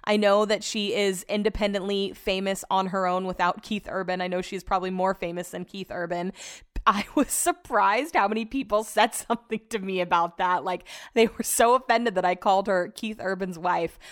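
A woman's voice: mid-range voice, steady tone, normal speed. A woman hosting her podcast alone, rambling in casual chat and swearing now and then. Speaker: podcast host.

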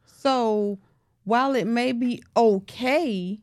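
A woman guesting on a casual podcast chat, firm and measured, reasoning things through in full sentences. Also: on the high side, a little mellow, dry recording.

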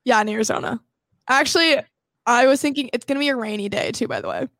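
A woman's voice: on the high side, fast talker, fairly bright tone, no echo, low-quality recording. A woman in her twenties co-hosting a podcast, teasing her friends and steering the chat. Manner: teasing, leads the talk and sets up topics. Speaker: podcast co-host. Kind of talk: casual chat.

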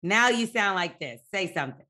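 A woman's voice: mid-range voice, lively intonation, moderate pace, sharp tone. A young adult woman co-hosting a podcast in casual chat, blunt and joking. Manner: blunt, joking, talks frankly about sex. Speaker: podcast co-host.

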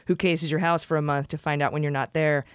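A woman's voice: low voice, flat delivery, quick pace, clean tone, no echo, clean studio sound. A woman hosting a podcast, reading through a report and making casual jokes about it. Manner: jokey, chatty, laughs often. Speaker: podcast host.

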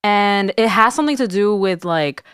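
Smooth-voiced woman co-hosting a podcast. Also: mid-range voice, animated, moderate pace, fairly bright tone, no room sound, clean studio sound. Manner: frank, swears, laughs often. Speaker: podcast co-host. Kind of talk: casual chat.

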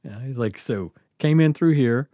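Animated man telling a story. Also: medium pitch, moderate pace, no echo, studio quality. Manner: animated, acts out quotes, laughs often. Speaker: guest storyteller. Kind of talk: casual storytelling.

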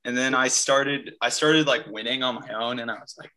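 A young man co-hosts a casual podcast in a relaxed, slangy way. His voice is bright and forceful, at a middle pitch for a man. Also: normal speed, low-quality recording. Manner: laid-back, dude-speak. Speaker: podcast co-host.

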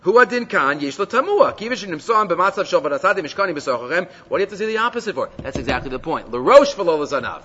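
Animated high-voiced man teaching Torah. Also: fast, hardly any pauses, slightly rough. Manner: animated, asks rhetorical questions. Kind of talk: Torah class reading and translating a text. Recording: dull lo-fi recording with long reverb.

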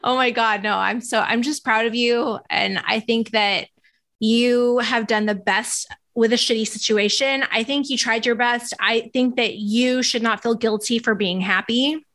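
A woman's voice: a little high, fairly even intonation, measured pace, fairly bright tone. A woman in her thirties hosting a podcast, chatting casually with a close friend and laughing often. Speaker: podcast host. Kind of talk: casual chat.

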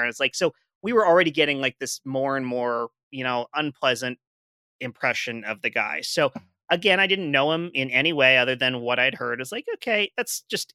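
Man, very bright tense tone, dry close sound, casual podcast storyteller. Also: medium pitch, smooth, dry recording. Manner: relaxed storytelling full of "like". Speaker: podcast panelist. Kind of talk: casual chat.

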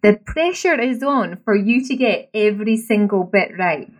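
Scottish woman host, keen, asking open questions, mid pitch. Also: lively intonation, moderate pace. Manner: enthusiastic, asks open questions. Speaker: interview host. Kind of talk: conversational interview.

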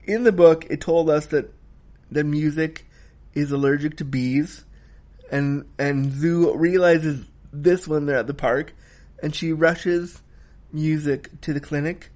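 A man's voice: on the high side, steady tone, slow pace, a little mellow. A man giving a casual spoken film review, emphatic and heated, swearing freely as he rants.

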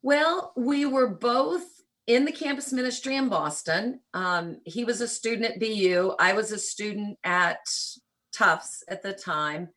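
Husky older woman with faint Southern accent. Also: mid-range voice, animated, unhurried, fairly bright tone. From rural Kentucky, US. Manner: storytelling, reflective, light humor. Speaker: interview guest, church missionary. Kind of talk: conversational interview.

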